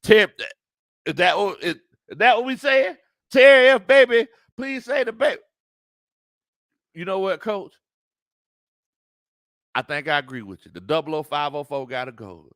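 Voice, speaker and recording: An animated sports talk show host with a somewhat high voice reads chat comments during a casual live sports stream. He laughs often and lingers on his words in a drawn-out, colloquial style. The audio is studio quality, without echo.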